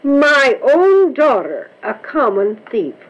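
A woman's voice: high voice, big pitch swings, slow, husky, muffled recording, voice pushed up, full character voice. A woman voicing a stern, solemn village pastor scolding his daughter.

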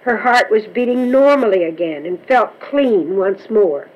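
A woman reading a children's story aloud in a gentle, measured way. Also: mid-range voice, expressive, dull audio. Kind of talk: storybook narration.

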